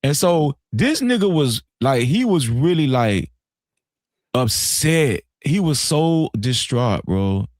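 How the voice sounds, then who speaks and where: A man hosting a live stream, telling a story in a casual, animated and profane way. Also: mid-range voice, takes it slowly, dry recording, clean studio sound. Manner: animated, profane, dramatic retelling.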